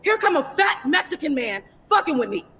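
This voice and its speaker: A woman on a phone livestream from inside a fast-food restaurant, cursing and confronting someone in an angry rant. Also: high-pitched, sing-song, a little hiss or hum. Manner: profane, confrontational, repetitive shouting. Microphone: phone held for a livestream.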